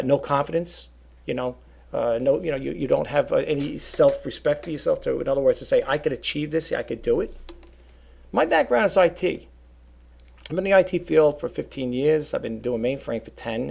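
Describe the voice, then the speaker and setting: A middle-aged man with a gravelly voice, talking casually and at length to his viewers, often repeating himself as he goes. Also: medium pitch, darkish tone. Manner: rambling, repeats words, talks straight to viewers. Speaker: online seller and vlogger. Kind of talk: casual talk to camera.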